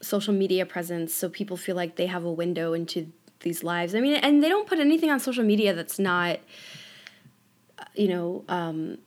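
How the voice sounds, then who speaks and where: A woman's voice: lowish voice, moderate pace. A woman co-hosting a podcast in casual chat, thoughtful, with many fillers, lifting her voice when she stresses a point. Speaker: podcast co-host.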